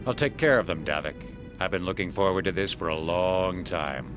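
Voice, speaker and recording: Seorang pria memerankan pemburu bayaran yang dingin. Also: male voice, low-pitched, normal speed, natural voice. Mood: cold. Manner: cold, threatening. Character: cold male bounty hunter, deadly and eager. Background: loud game music.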